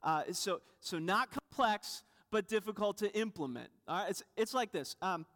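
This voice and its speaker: High-voiced animated preacher, church hall reverb. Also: male voice, normal speed. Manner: animated storyteller, self-deprecating humor, acts out voices. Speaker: pastor. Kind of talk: sermon with personal story. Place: church sanctuary.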